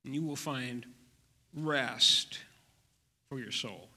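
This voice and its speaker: Slow, bright-voiced male pastor. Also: medium pitch, long reverb tail. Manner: gentle, slow preaching with soft drops. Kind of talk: sermon.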